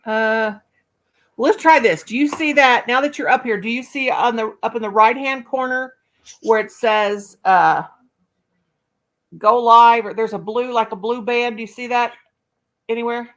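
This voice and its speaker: A woman's voice: on the high side, a little slow, a bit bright. A woman hosting a casual livestream, chatting and thinking aloud while she fiddles with settings. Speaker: livestream host. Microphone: laptop or phone mic on a live call.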